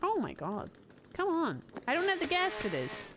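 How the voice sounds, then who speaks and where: A woman streaming a video game, chatting with viewers and giggling loudly at what happens on screen. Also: extremely high pitch, wildly swooping pitch, normal speed, noisy background. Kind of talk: live gameplay commentary.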